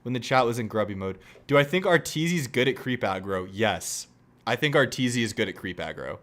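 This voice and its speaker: A man's voice: medium pitch, animated, a little fast, fairly bright tone. A man chatting casually on a livestream, joking and reacting to clips. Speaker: streamer.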